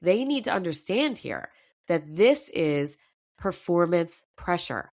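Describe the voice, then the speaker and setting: A woman's voice: on the low side, dry recording, clean studio sound. A woman coach giving a fired-up motivational talk, her voice slightly scratchy. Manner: emphatic, fired up. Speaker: mental performance coach.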